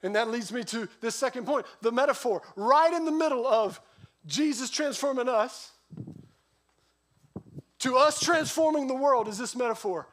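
A middle-aged man preaching a sermon as a pastor, telling stories with a lively voice that rises and drops sharply. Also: very high-pitched, moderate pace. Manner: lively storytelling, voice rising and dropping sharply.

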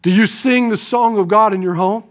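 A man with a strikingly high voice preaches a sermon to his congregation. He swings from quiet, thoughtful asides to raised, emphatic lines, and keeps putting rhetorical questions to the room. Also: normal speed. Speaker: pastor.

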